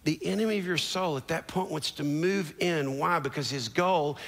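A man preaching a sermon as a church's founding pastor on a large stage, swinging from low murmurs to shouted declarations. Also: moderate pace, big-room sound.

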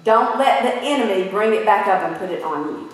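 A woman preaching a sermon in an animated way, putting questions to her listeners. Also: medium pitch, a little fast. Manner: animated, asks the audience questions. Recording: echoey hall from far off.

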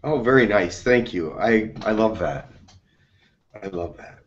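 Man participant, slow and low, soft-spoken, muffled call sound. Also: lively intonation, a little hiss or hum.

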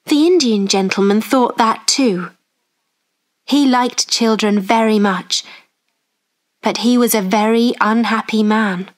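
Brief: woman narrator for a learner's storybook, very slow and clear, slightly high voice. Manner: clear, deliberate. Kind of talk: slow graded-reader narration.

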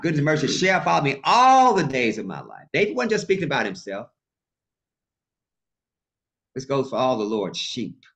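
A male pastor preaching a sermon in a colloquial, animated way and calling out to his congregation. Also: mid-range voice. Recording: muffled lo-fi sound.

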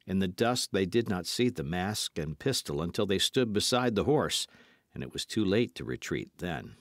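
Casting: male audiobook narrator, low voice, lively delivery, dry close sound. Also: normal speed, no room sound. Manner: lively, dramatic storytelling. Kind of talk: scripted narration.

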